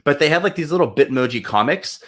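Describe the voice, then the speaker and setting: A man co-hosting a live show, chatty and excitable in casual banter with his friend. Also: on the high side, fast talker. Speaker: co-host.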